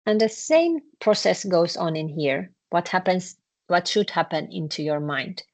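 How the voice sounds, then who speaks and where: A woman's voice: on the low side, lively intonation, measured pace. A woman teaching in English, patiently explaining verb conjugation with many repeats and fillers. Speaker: Finnish language teacher. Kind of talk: explaining a lesson to students.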